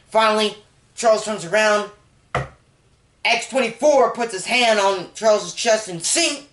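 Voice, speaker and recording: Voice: medium pitch, moderate pace, fairly bright tone, roomy sound. A movie reviewer recapping a film in a rambling, casual way, full of "like" and openly emotional about the story.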